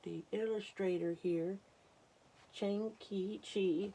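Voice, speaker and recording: Woman reading a storybook to kids, slow, low-pitched, gentle asides. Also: vocal fry, slightly rough. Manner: gentle, exclamatory asides to children. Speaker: storytime reader. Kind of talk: reading a picture book to children.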